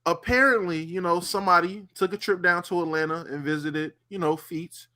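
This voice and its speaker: Podcast co-host, male, high bright voice, rambling animated storyteller. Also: a little fast. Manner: animated storyteller, repeats himself, lots of fillers. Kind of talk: casual chat.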